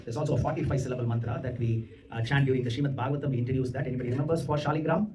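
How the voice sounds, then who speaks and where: A man giving a devotional lecture in a temple hall, explaining scripture and slowly chanting Sanskrit mantras. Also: mid-range voice, steady tone, recorded from a distance, a loud crowd.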